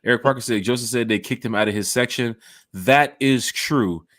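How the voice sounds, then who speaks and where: A man hosting a fan podcast in casual chat, telling stories with lively acted-out quotes on a home mic and camera. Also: mid-range voice, moderate pace, no room sound. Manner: animated storyteller acting out quotes. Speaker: podcast host.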